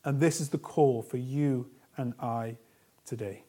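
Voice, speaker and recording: A man preaching a sermon as a pastor, earnest, stressing repeated lists and moving between a soft, low voice and loud emphasis. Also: fairly even intonation, a little slow.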